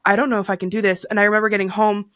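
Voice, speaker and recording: A woman's voice: mid-range voice, level tone, rapid-fire, a bit bright, dry recording, clean studio sound. A woman in her thirties chatting candidly as a podcast guest, rambling with fillers and restarts. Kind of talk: candid casual chat.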